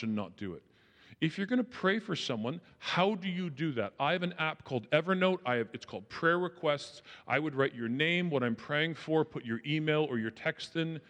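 A man giving a conversational talk on faith and mental health at a church, acting out quotes in a lively way. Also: on the high side. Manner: conversational, animated, acts out quotes. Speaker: speaker at a church. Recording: long reverb of a large hall.

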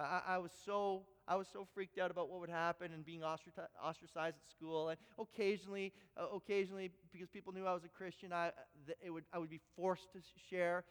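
A middle-aged male pastor from Canada preaching a sermon to his church, telling stories with lively energy and stumbling over repeated words. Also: high-pitched, clear, resonant tone, in a large hall. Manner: animated storytelling with frequent repeated words. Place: church sanctuary.

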